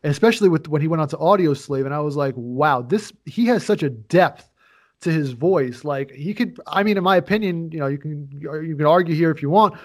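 A man's voice: a little high, brisk. A man co-hosting a casual podcast, rambling and joking through his points with many fillers and restarts. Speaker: podcast co-host. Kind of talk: casual chat.

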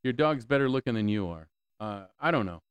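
A man hosting a podcast by himself sounds animated, with a mid-range voice and a brisk delivery. The close mic gives a clean tone with no room sound, capturing a rant loaded with swearing, repeated questions, and stammered restarts.

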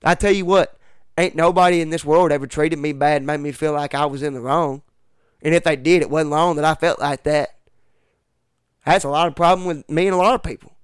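A man's voice: a little high, clear, resonant tone, dry recording, clean studio sound. A man in a casual podcast chat, ranting bluntly and emphatically with plenty of profanity and rural slang. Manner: uses rural slang like ain't and y'all. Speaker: podcast guest.

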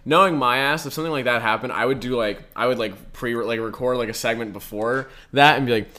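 A man's voice: mid-range voice, fast talker, sharp tone. A young man co-hosting a podcast, rambling and laughing through loose, profane stories in casual chat. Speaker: podcast co-host.

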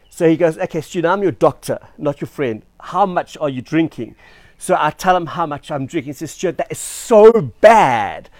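Chatty, fairly high-voiced male pastor. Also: dry recording. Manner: chatty storytelling with self-deprecating asides. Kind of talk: sermon.

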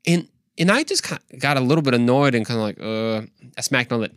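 A young adult man hosting his own podcast, giving a casual devotional talk in an animated, slangy, conversational way. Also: medium pitch, fairly quick, no room sound, clean studio sound. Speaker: podcast host.

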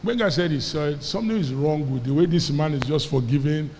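A Nigerian man preaching a sermon, telling a story with lively quoted dialogue and having the congregation repeat after him. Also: fairly high pitch, a little fast, long reverb tail, a little hiss or hum. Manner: animated storyteller, quoting characters, calling on the congregation to repeat. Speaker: pastor.

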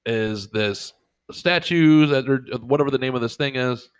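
A man in the middle of a loose podcast conversation, spinning a rambling story full of swearing. He keeps jumping into his own past reactions and acting them out, with a voice pitched right in the middle range. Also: normal speed, smooth. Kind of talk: casual comedic storytelling.

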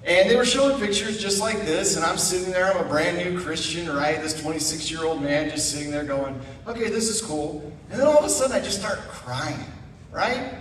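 A middle-aged man telling his testimony as a guest speaker at church, animated with asides. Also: high-pitched, fairly quick, a little hiss or hum. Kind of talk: personal testimony. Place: church sanctuary. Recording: echoey room, mic far off.

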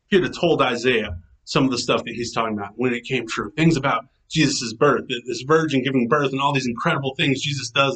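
A man giving a casual, chatty devotional talk as a pastor, enthusiastic and animated, acting out quotes as he goes. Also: medium pitch, rough recording. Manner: chatty, enthusiastic, self-described nerd; animated quoting in character voices.

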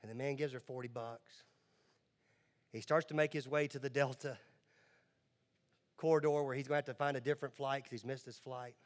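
A man in his forties, a pastor telling a story in a sermon, moving from quiet narration to loud, fervent urging. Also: mid-range voice, fairly even intonation, a little fast, pauses often, long reverb tail. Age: 40s. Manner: builds from quiet storytelling to loud, impassioned exhortation.

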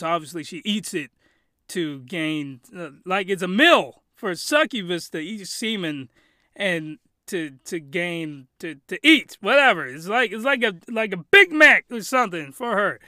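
A man's voice: high-pitched, pushed and bright, dry recording, clean studio sound. A young man reviewing an anime in a rambling, hyped comedy vlog, full of crude jokes and restarts.

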